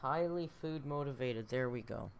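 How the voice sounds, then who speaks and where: A woman's voice: extremely low pitch, moderate pace, gravelly, slight background noise. A woman hosting a casual live reaction stream from home, chatty and laughing as she scolds her cat between remarks. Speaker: reaction channel host.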